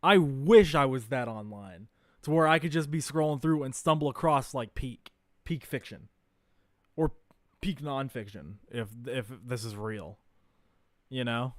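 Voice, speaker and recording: A man's voice: medium pitch, a little slow, no echo, studio quality. A young man streaming a casual live reaction, blunt, profane and incredulous, often laughing.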